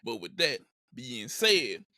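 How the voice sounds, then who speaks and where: A man's voice: medium pitch, very animated, takes it slowly, bright, forceful tone, no room sound, studio quality. A man hosting a casual podcast, hyped and slangy as he opens the show. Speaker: podcast host.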